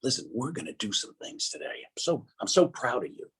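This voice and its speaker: A man voicing God as a gentle, loving father, speaking low, soft and hushed, with a husky edge. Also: big pitch swings, a little fast, exaggerated voice. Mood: tender, hushed. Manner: tender and reassuring.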